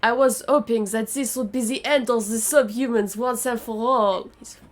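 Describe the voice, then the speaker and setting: A woman's voice: fairly high pitch, fairly even intonation, normal speed, lightly acted. A woman voicing an eager male knight commander who speaks formally and deferentially to his lord. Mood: fawning.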